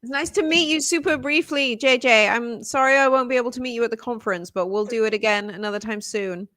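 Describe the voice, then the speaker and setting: A woman's voice: a little high, fast, fairly bright tone, no echo. Welsh lady co-hosting a livestream, chatty and gushing, dry close sound. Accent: softened Welsh, leaning British. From Wales. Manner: bubbly, gushing, laughs often. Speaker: co-host. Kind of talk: casual livestream chat.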